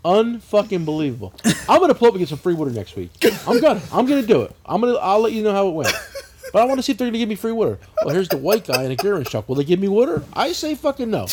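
A man's voice: sits high, rapid-fire, background noise. A man telling profane stories in a casual podcast chat, often laughing. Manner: profane, animated storytelling with laughter.

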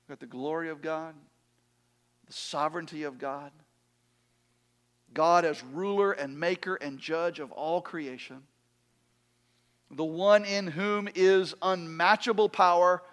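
A man with a notably high voice preaches a sermon. He builds to loud, ringing emphasis, then lets phrases sink to a near-whisper, slowing down on repeated words. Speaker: pastor.

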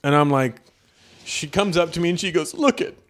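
A man who is a stand-up comic telling a story on a podcast, animated and profane, laughing often. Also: a little high, fairly quick.

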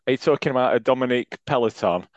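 A man's voice: medium pitch, dry recording, lo-fi sound. A man, co-hosting a casual podcast, talking and laughing easily. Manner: chatty, quick to laugh. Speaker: podcast co-host. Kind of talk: casual chat.

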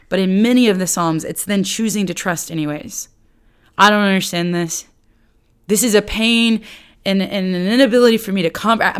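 A woman teaching on lament in a sermon, earnest and emphatic, dropping to a soft, low voice when she speaks prayers aloud. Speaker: Bible teacher.

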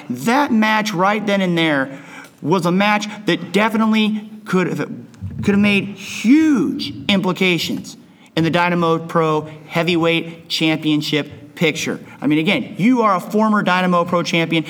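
A man's voice: high-pitched, moderate pace, a bit bright. A man hosting a wrestling recap podcast in a bar and grill, speaking with repetitive, hype-style phrasing. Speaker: podcast host.

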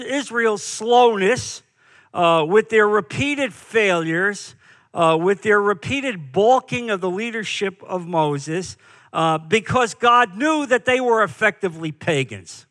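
A man's voice: high voice, a bit bright. A man preaching a sermon as pastor, emphatic, with rhetorical questions and repeated phrases.

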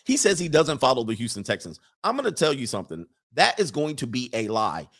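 A man's voice: medium pitch, sing-song, brisk, fairly bright tone. A man giving casual sports commentary who rambles, often restarting and correcting himself.

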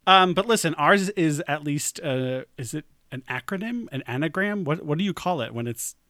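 A man's voice: a little high, animated, moderate pace, pushed and bright, no echo, clean studio sound. A young man from Long Island, co-hosting a casual podcast chat in a joking, self-deprecating way that wanders into tangents. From Long Island, New York. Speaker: podcast co-host.

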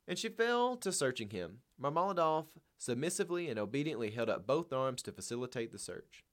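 A man's voice: medium pitch, sing-song, fairly quick, few pauses, a bit bright. Earnest man reading and lecturing. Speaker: reader and commentator. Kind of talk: reading a novel aloud with commentary.

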